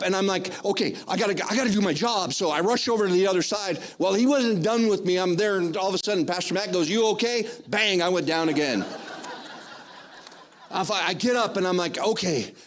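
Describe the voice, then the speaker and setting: An older man giving a spoken testimony in church, rambling and excitable, with many restarts. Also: high-pitched, vocal fry.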